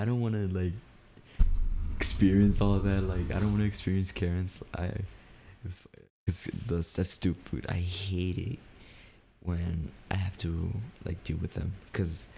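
A man's voice: low voice, little pitch movement, a little slow, creaky, mellow, a little hiss or hum. A young man co-hosting a podcast, telling a story in a loose, profane way, full of "like" and "dude". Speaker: podcast co-host. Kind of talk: casual storytelling chat.

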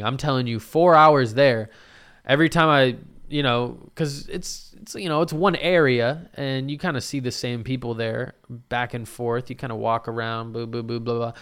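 A man's voice: medium pitch, normal speed, clean tone. A young man casually recounting a night out, swearing freely and acting out what people said. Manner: animated, swears a lot, acts out quotes. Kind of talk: casual storytelling monologue.

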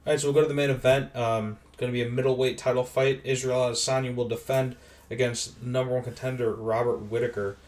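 A man's voice: medium pitch, flat delivery, fast, darkish tone. A man in his twenties co-hosting a podcast, easygoing and steering the chat from one segment to the next. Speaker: podcast co-host. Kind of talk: casual chat about fight betting. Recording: voice a bit distant from the mic.

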